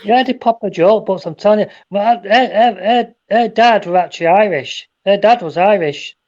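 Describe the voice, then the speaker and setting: A man's voice: high-pitched, moderate pace, a little mellow, lo-fi sound. A man telling rambling jokes and stories in a casual chat, often restarting his sentences. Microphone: phone.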